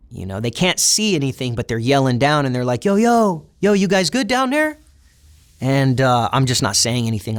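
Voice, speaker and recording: A young man, an interview guest, telling a personal story in a casual, reflective way and voicing the people in it. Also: mid-range voice. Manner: casual, reflective retelling with acted quotes of other inmates.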